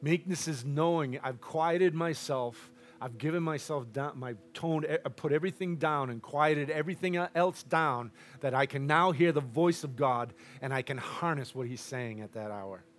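A man preaching a sermon in a church, loud and boisterous one moment and almost hushed the next. His voice sits a little higher than most men's. He talks freely and calls out to the congregation. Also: normal speed, few pauses. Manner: loud and boisterous, drops to a hush at times.

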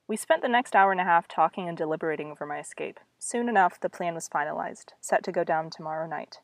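A woman's voice: fairly low pitch, fast talker, hardly any pauses, dry recording. A young woman reading her own old story aloud, breaking off for wry, self-mocking asides. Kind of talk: reading aloud with casual commentary.

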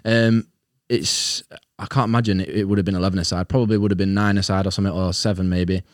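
A man's voice: low voice, fairly even intonation, fast talker, no room sound, clean studio sound. A young man telling a self-mocking story to friends, laughing often as he talks. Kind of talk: casual storytelling among friends.

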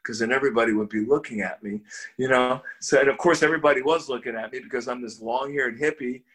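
An older man, a guest in an interview, tells a personal story in a casual, animated way, often restarting words and chuckling as he goes. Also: medium pitch, fast talker.

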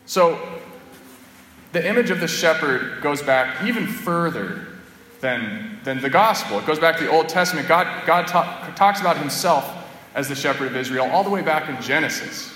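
A priest delivers a homily, telling his points in an easy, conversational way. His voice is bright and forward. The recording was made in a church, so the sound rings off the walls with a long reverb tail and faint room noise underneath. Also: fairly high pitch, animated, normal speed. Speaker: Catholic priest.

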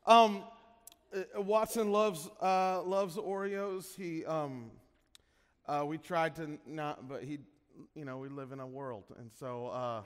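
A man in his thirties leads a church service in a high, bright voice, chatty and teasing with the congregation. His words ring out with the long reverb of a large church hall. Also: slow pace, clear, resonant tone. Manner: playful, chatty, teasing the crowd. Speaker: pastor. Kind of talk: sermon opening, casual and joking with the congregation.

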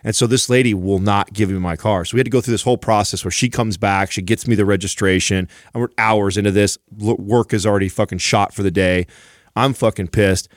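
Man, podcast co-host, low voice, lively storyteller who curses a lot, dry close mic. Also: a little fast, no echo. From San Jose area, California. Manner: animated storyteller, swears freely. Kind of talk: casual storytelling chat.

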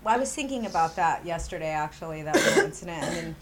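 A woman's voice: low voice, lively intonation, fast, heavy background noise. Blunt, foul-mouthed woman. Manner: blunt, swears freely, laughs often. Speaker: podcast co-host. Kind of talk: casual chat.

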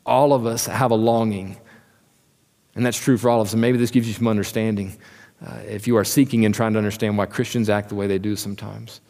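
Man preaching, lowish voice, earnest pastor, direct questions to listeners, long hall reverb. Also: little pitch movement, fairly quick, darkish tone. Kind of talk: sermon. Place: church hall.

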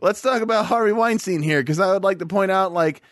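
A man's voice: high-pitched, fairly quick, fairly bright tone, dry recording, clean studio sound. A man co-hosting a podcast in casual comedic chat, crude and joking, acting out little voices as he talks. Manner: crude, joking, acts out voices mid-story. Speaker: podcast co-host.

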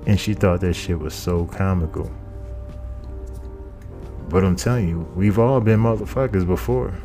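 Deep-voiced profane podcast host. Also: male voice, normal speed, pauses often, warm tone, soft background music. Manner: profane, rambling, repeats phrases. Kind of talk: casual comedic monologue.

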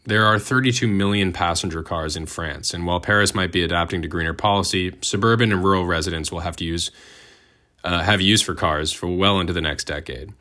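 A young man with a low voice narrates a prepared script as host. His tone is bright and forceful, and he slips in wry, sardonic asides. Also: fairly quick. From United States.

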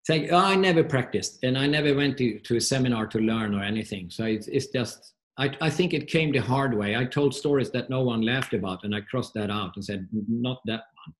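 A man's voice: mid-range voice, fairly quick. A middle-aged man from Sweden with a Swedish accent, a coach guest telling stories in a casual interview, with frequent restarts. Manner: warm storyteller, many restarts.

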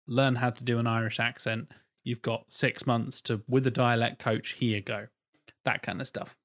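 A man co-hosting a podcast in casual chat, explaining his ideas in a measured way and laughing easily. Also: medium pitch. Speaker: podcast co-host.

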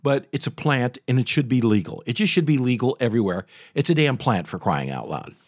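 A man in his sixties hosting a talk show, telling a story in a chatty, animated way full of restarts and asides. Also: medium pitch, a little fast, no room sound, studio quality. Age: 60s. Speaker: radio talk show host. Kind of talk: casual storytelling monologue.

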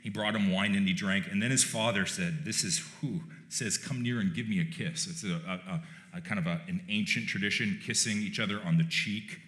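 A man's voice: on the low side, fairly quick, a bit bright. Wry male pastor in an echoey church. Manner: conversational and wry, with joking asides. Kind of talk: sermon. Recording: roomy church echo.

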